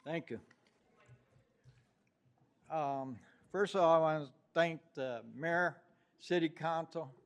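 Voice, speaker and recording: A man's voice: on the high side, takes it slowly, long pauses, muffled recording. An older man with a New York accent giving a rambling, heartfelt public comment at a city council meeting. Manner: rambling, heartfelt, with many fillers.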